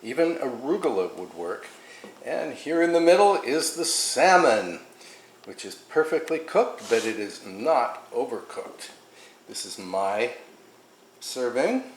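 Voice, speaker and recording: A man's voice: mid-range voice, very animated, slow pace, echoey room, slight background noise. A man hosting a home cooking show, chatty and enthusiastic as he talks through each step in his kitchen.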